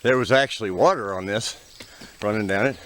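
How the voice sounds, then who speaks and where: A man's voice: lowish voice, fairly quick, a bit bright, a little hiss or hum. A man filming himself on a forest hiking trail, chatting folksy and casual to viewers while out of breath from the climb. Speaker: hiking vlogger. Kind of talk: casual outdoor vlog narration.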